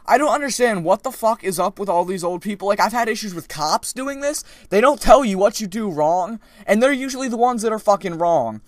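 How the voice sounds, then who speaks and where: A young man telling a story for his vlog speaks a little fast in a voice a bit high for a guy, with hardly any pauses. He's animated and casual, rambling and restarting mid-sentence. The recording is close and dry, with no room sound around it.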